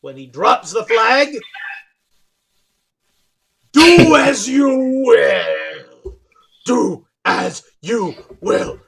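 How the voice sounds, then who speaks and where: A man voicing a stern, grand male arena announcer who addresses a crowd slowly. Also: high-pitched, animated, vocal fry, husky, full character voice. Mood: proclaiming. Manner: slow proclaiming delivery, shouting to a crowd.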